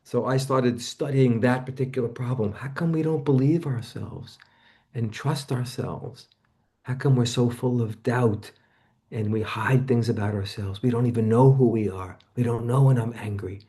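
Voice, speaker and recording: A man's voice: normal speed, dark tone. Man, 70s, interview guest; reflective personal storyteller, mid-range voice. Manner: personal storytelling, acts out remembered voices with sudden jumps in pitch. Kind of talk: casual reflective conversation.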